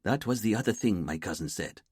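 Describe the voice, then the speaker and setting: Storybook figure: an eager, chatty young male police constable, as a male narrator puts him on. His voice is a touch husky, with lively pitch, in a dry close recording. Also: a little fast, no echo.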